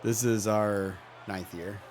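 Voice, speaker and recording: A man's voice: fairly low pitch, slow pace. Joking male game commentator, noisy recording. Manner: chatty, joking play-by-play with excited outbursts. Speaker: play-by-play commentator. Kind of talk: casual video game commentary.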